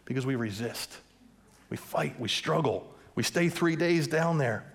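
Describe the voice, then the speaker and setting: A man's voice: medium pitch, expressive, measured pace. A man preaching a sermon, asking the congregation questions and mixing in light humor. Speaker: pastor.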